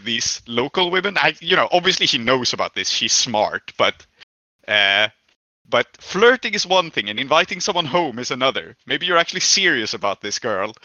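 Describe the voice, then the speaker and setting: A man runs a tabletop game in a relaxed, chatty way. His voice is bright and sharp. The recording is dull and very dry. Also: mid-range voice, normal speed, no echo. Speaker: game master.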